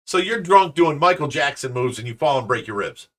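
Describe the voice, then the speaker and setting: A man hosting a show, telling a story in casual chat, animated and restarting his sentences often. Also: on the high side, fairly quick. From Ohio, USA. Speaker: show host. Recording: voice a bit far from the mic.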